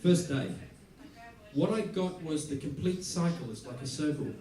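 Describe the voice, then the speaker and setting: A man's voice: on the high side, normal speed. A man with an Australian accent giving a masterclass talk, telling stories animatedly, acting out what people said and laughing often. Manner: animated storyteller, acts out quotes, laughs often. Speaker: musician teaching a masterclass. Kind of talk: anecdote-driven talk to an audience. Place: large theater hall. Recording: echoey hall, voice from far off.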